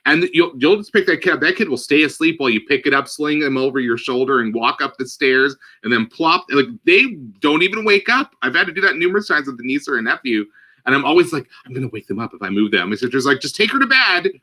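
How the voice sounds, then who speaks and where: A man co-hosting a casual movie discussion podcast, lively and playful, acting out lines from the film. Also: a little high, quick pace. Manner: animated, acts out lines from the film in put-on voices. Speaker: podcast co-host.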